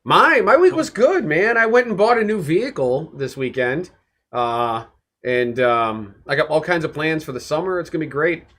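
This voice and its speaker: Excitable middle-aged man, high-ish voice. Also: normal speed. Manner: jokey, excitable, rambling. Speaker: podcast co-host. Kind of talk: casual chat.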